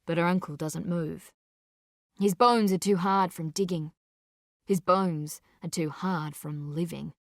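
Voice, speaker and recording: A woman narrates a dark story with intense, deliberate delivery, taking her time so each short phrase lands. Her voice is lowish with fairly even intonation, and the sound is dry and close with no room around it.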